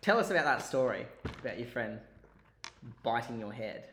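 A man's voice: medium pitch, sing-song, moderate pace, a bit bright. Teasing man in a roomy room. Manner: joking, teasing banter. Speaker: podcast co-host. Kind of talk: casual chat. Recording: roomy echo, faint noise.

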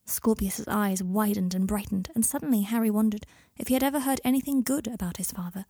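A woman reading a story aloud in a calm, even storytelling manner. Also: medium pitch, a little fast, breathy edge, no room sound, studio quality. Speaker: audiobook reader. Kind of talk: scripted narration.

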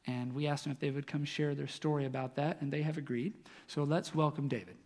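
A man's voice: a little high, fairly even intonation, fairly quick, darkish tone, slight background noise. Earnest male pastor in a reverberant church. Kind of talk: sermon.

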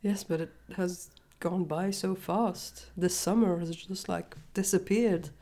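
Congested woman, low mellow voice. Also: fairly even intonation, takes it slowly. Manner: chatty, self-mocking. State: congested from a cold. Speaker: podcast co-host. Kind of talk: casual chat.

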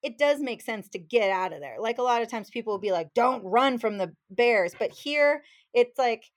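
Woman guest, lively storyteller, slightly high voice, acts out the dialogue. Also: fairly quick. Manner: animated, acts out quotes, laughs while telling. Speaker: fishing guide, podcast guest. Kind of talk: casual storytelling.

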